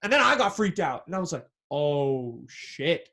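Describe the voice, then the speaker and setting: Animated young man telling a story. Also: fairly high pitch, a little slow. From San Francisco Bay Area. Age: young adult. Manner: animated, slangy, swears freely, acts out quoted dialogue. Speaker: podcast host. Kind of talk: casual storytelling chat.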